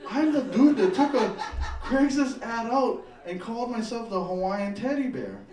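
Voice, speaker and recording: Animated, profane stand-up comic man. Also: very high-pitched, moderate pace, echoey room, recorded from a distance, soft background music. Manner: profane, animated storytelling with laughs. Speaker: stand-up comedian. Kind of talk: stand-up comedy set. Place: comedy club stage.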